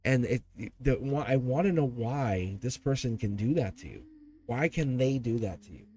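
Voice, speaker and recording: A man's voice: mid-range voice, animated, normal speed, dark tone. A man giving a live-stream tarot reading in a chatty, teasing way, often laughing. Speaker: tarot reader. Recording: music playing behind the voice. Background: background music.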